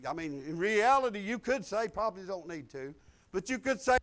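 An older man preaching a sermon, folksy and exuberant, breaking into loud outbursts. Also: sits high, animated, brisk. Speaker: pastor.

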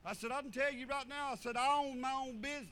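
A man preaching a folksy sermon, swinging from fervent loud passages to low muttered asides. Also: fairly even intonation, fast talker, low-quality recording.

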